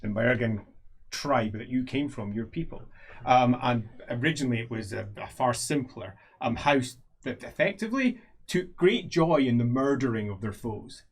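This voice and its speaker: Lively man narrating as game master. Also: mid-range voice, moderate pace, slightly rough. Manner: playful, lively storytelling.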